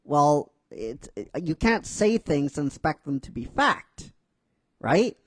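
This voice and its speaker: A man's voice: a little high, sing-song, slow pace, fairly bright tone, dry recording, exaggerated voice. A skeptical young man objects in a plain, doubting tone, read by a male storyteller. The sound is dry and close.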